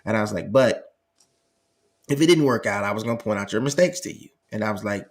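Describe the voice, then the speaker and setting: A man's voice: fairly low pitch, a little fast. A middle-aged man hosting and telling a family story in a casual style, acting out the dialogue. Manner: conversational, frequent "you know what I'm saying" asides, acts out dialogue. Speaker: host.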